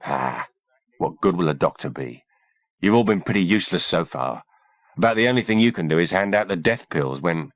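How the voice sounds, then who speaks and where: A man voicing a gruff, sarcastic army sergeant in his mid-thirties who trades growling banter. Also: low-pitched, expressive, fairly quick, no echo. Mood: irritated.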